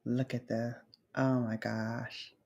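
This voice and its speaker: A woman's voice: extremely low pitch, level tone, slow, creaky, darkish tone, slightly rough, highs cut off. A woman from Brooklyn, a beauty vlogger chatting casually with her viewers, heartfelt and nostalgic, calling them babes and honey. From Brooklyn, New York. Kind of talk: casual livestream chat with viewers.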